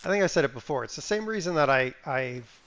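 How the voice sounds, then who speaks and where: A man's voice: mid-range voice, expressive, fast talker, fairly bright tone, dull audio. A man casually commenting on a live game stream. He mutters to himself while playing, breaks into sudden exclamations and sniffles now and then.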